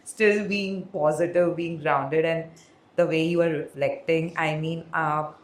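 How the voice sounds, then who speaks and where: This podcast host is a woman with a low voice and a steady tone, speaking a little slowly in a reverberant space with slight background noise. Her casual interview chat wanders, packed with fillers and frequent laughter.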